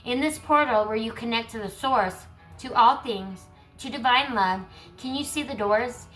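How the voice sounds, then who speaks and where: Reading card texts aloud for a group tarot reading, this woman keeps breaking off into chatty tangents. Her voice is failing, so she clears her throat often; it's a bit high and a bit bright, and the audio is poor.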